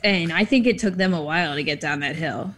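Chatty low-voiced woman podcaster. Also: a little fast, a crowd in the background. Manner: chatty, laughing easily. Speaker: podcast co-host. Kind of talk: casual chat.

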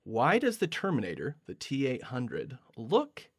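A man's voice: medium pitch, wildly swooping pitch, unhurried, no echo, studio quality. A man co-hosting a podcast in casual chat, leading segments and laughing often. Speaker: podcast co-host.

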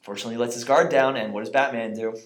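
Excited man retelling movie scenes. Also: mid-range voice, roomy sound. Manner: enthusiastic, retells scenes with quick quoted lines. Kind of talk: casual chat about a superhero movie.

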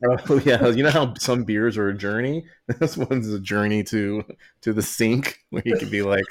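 Male podcast co-host, lowish voice; rambling, joking, quick to laugh. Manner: reads can labels aloud mockingly. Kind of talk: casual chat.

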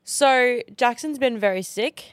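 A woman's voice: fairly high pitch, unhurried, smooth, dry recording. A woman co-hosting a podcast in casual chat, blunt and swearing freely, close to the mic. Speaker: podcast co-host.

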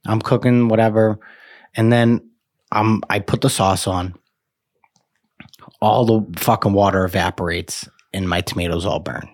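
A man's voice: lowish voice, steady tone, unhurried, long pauses. A man, co-hosting a podcast, telling a long gripe story in casual, profane chat. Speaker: podcast co-host.

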